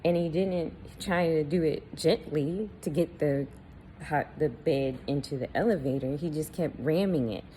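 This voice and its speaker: A woman's voice: low voice, unhurried, dark tone, slight background noise, poor audio. A woman candidly telling a personal story to camera, blunt and swearing freely, with laughs between lines. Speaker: vlogger.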